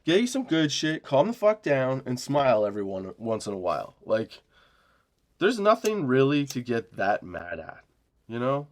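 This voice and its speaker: A man in his forties hosting a comedy podcast, telling a rambling, profane story about a job, laughing often and mimicking the people in it. He says he is high while talking. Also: wildly swooping pitch, normal speed. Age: 40s. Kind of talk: casual storytelling rant.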